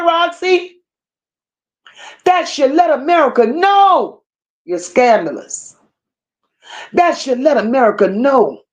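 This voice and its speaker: Slow, scornful woman host ranting. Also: mid-range voice, a little mellow, highs cut off. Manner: slow, emphatic and scornful, with drawn-out insults; reads viewer comments aloud. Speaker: commentary channel host. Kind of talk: unscripted livestream rant.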